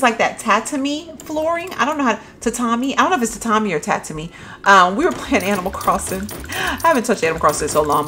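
A young adult woman giving excited, gushing commentary while touring new items in a video game, often calling out "y'all" to her viewers. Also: fairly low pitch. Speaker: gaming YouTuber.

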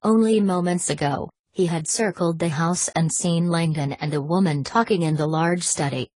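Low husky woman reading aloud. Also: normal speed, darkish tone, dry recording. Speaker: audiobook narrator. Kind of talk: audiobook reading.

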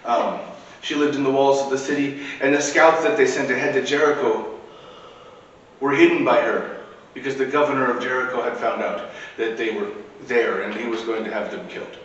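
A man's voice: medium pitch, steady tone, moderate pace, fairly bright tone, muffled recording, a little hiss or hum. A man preaching a sermon in a church, in a conversational way with casual asides. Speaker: priest. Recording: echoey church recording from far off.

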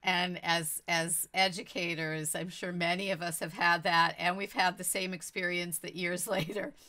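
A woman host making slow, unhurried remarks after a performance. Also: fairly low pitch, little pitch movement, pushed and bright. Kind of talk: casual remarks between performances.

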